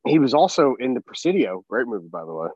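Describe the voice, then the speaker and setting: Man, podcast banter, deadpan jokes, lively pitch, dull lo-fi dry sound. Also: quick pace, no room sound. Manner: deadpan quips, jokey asides. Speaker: podcast co-host. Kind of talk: casual movie-review chat.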